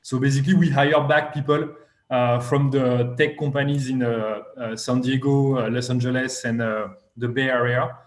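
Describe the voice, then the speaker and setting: A man's voice: medium pitch, fairly even intonation, moderate pace, roomy sound. A man speaking as a guest investor in a live online interview, talking hesitantly with many fillers.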